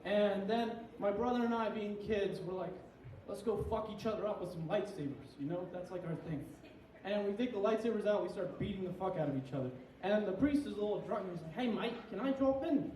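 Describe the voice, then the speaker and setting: Slightly drunk, a young comic rambles through crude, self-mocking material at a small club. His high voice moves fairly quickly and sounds a little mellow, picked up from afar in a reverberant room with a bit of hiss or hum.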